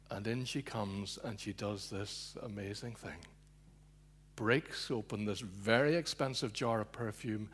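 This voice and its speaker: A man preaching a sermon, telling a story with loud emphasis that drops to hushed, low asides.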